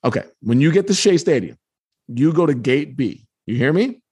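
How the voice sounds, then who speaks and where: A man voicing a big, frightening, deep-voiced stranger on a bus who talks gruffly and bluntly. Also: animated, moderate pace, darkish tone. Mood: instructing.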